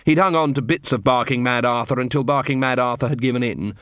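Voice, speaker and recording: A man narrating an audiobook in an expressive, wry storytelling manner. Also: mid-range voice, quick pace, no room sound, clean studio sound. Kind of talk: scripted narration.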